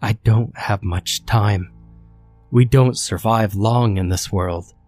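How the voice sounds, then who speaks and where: A man's voice: on the low side, slow pace, darkish tone, soft background music. A man voicing a tiny, frail female creature from another world, speaking in a shaky, weak voice.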